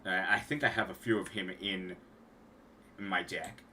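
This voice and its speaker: A young man chats loosely on a home stream, often trailing off mid-sentence and circling back. His voice sits a little low but has a bright, forward edge. A faint hiss runs under the desk mic. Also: steady tone, unhurried. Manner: rambling, trailing off and restarting. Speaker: streamer and card game designer. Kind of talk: casual livestream talk.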